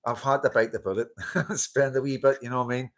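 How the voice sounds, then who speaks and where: A man with a medium-pitched voice talks quickly in a level tone while hosting a casual live-stream chat. Into a handheld wireless mic, he greets his viewers, often laughing and dropping casual swear words.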